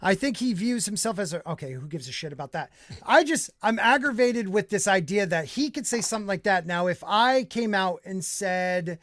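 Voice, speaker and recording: A man's voice: high voice, expressive, normal speed, a bit bright. A man hosting a podcast in casual chat, ranting in an exasperated, profane way. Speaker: podcast host.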